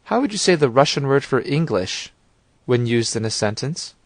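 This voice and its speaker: Guy narrating a language lesson, calm clear instructions, dry close mic. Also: mid-range voice, normal speed, no echo. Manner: calm, clear and guiding, prompts the listener.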